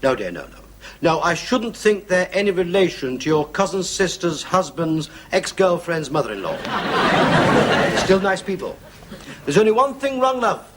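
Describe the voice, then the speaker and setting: A man's voice: sits high, sing-song, unhurried, noisy background. An actor playing a mouthy, needling immigrant man, chatty and laughing at his own jokes in a 1970s studio sitcom. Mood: cheeky. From England. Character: cheeky, mouthy English immigrant man, quick to insult. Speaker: sitcom character, English newcomer.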